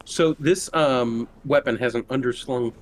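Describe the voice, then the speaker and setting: A man's voice: medium pitch, unhurried. A man playing a tabletop role-playing game, asking casual, easygoing rules questions. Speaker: player.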